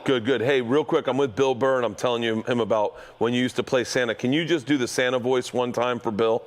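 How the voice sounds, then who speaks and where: A man hosting a podcast, telling stories in a casual, animated way and laughing often. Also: medium pitch, fairly quick, a little hiss or hum. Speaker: podcast host. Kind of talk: casual chat.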